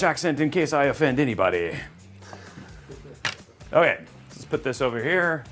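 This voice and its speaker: A man's voice: mid-range voice, sing-song, moderate pace, a bit bright, soft background music. A man hosting a live PC-building stream from a studio. He chats casually and cheerfully and rambles with plenty of fillers. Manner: chatty, upbeat, rambling with fillers. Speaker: livestream host building a PC.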